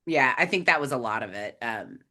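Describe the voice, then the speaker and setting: A woman co-hosting a podcast, recapping a book in animated, chatty storytelling. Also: extremely low pitch, brisk. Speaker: podcast co-host. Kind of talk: casual book discussion chat.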